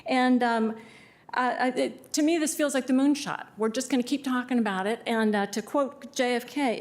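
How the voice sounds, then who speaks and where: A woman's voice: a little high, normal speed. A woman giving passionate, exasperated public testimony at a county hearing.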